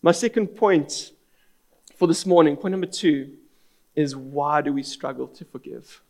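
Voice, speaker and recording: A man's voice: a little high, unhurried, a little mellow. A man, preaching a sermon as pastor in an earnest, storytelling manner.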